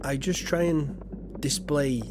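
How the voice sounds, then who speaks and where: A Yorkshire man streams a farming game, chatting casually in a rambling, self-deprecating way full of fillers. His voice is fairly high and steady in tone, he speaks slowly, and the background is noisy.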